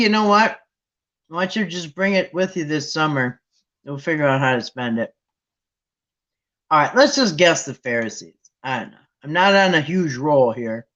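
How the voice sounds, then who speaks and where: A man hosting a Bible trivia game with viewers, chatting casually and thinking aloud with restarts and sudden excited jumps. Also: fairly high pitch. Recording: dull lo-fi sound.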